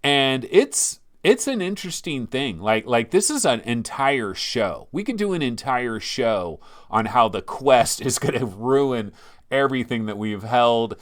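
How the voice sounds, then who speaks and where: A man hosting a casual livestream, rambling and joking in an animated way. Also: mid-range voice, a little slow. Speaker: livestream host.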